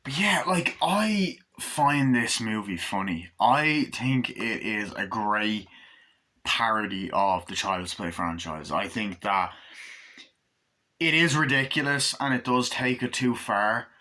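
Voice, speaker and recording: A man giving a casual spoken movie review, rambling and excitable, swearing freely as he goes. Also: lowish voice, slow pace.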